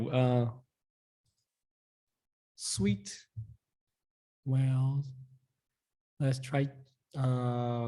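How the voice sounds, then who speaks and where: A young man teaching a casual online language lesson, repeating words slowly and often asking his viewers "guys". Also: mid-range voice, darkish tone.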